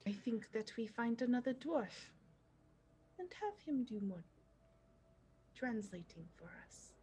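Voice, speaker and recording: A woman plays a tabletop game with playful remarks. Her voice sits on the higher side. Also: sing-song, unhurried, dark tone, husky. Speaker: player.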